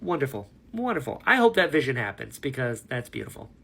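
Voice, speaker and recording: A man's voice: medium pitch, big pitch swings, fairly quick, vocal fry, pushed and bright, slightly rough. A man talking casually to camera about a book he is reading, rambling and enthusiastic, laughing at himself. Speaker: book vlogger. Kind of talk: casual book reaction vlog.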